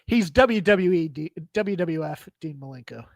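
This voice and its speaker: A man's voice: on the high side, animated, moderate pace, gravelly, dry recording. A man co-hosting a wrestling recap podcast, chatting casually with dry, sarcastic quips. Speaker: podcast co-host.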